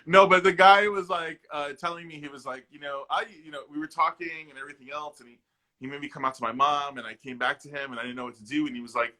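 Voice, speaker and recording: A man, an actor and comedian, telling personal stories in a casual interview with animated jokes and impressions. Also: on the high side, fast talker, low-quality recording. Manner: animated, jokey, mimics the people in his stories; loose, with frequent fillers and restarts.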